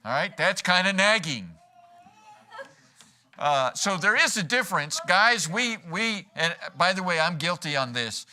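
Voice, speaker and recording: A man's voice: on the high side, bright, forceful tone. A man preaching a sermon in a church, folksy and joking, acting out quoted lines as he goes. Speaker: pastor. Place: church sanctuary.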